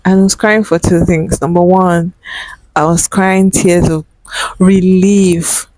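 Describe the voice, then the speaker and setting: A woman's voice: on the low side, fairly even intonation, takes it slowly, darkish tone, dry recording, low-quality recording. A young woman vlogger telling a personal story in an emotional, earnest way, with many fillers.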